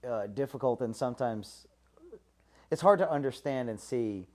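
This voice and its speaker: A man hosting a podcast in casual chat, acting out quoted voices with big jumps in pitch. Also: moderate pace, a little mellow.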